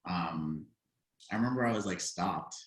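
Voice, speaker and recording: A man's voice: sits low, moderate pace, low-quality recording. A young man as a podcast guest, reflective and hesitant as he tells his story. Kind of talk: casual podcast conversation.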